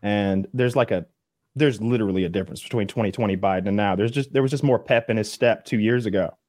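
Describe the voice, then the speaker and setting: A man chatting casually on a podcast, rambling and animated, now and then mimicking other voices. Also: fairly low pitch, quick pace, dry recording.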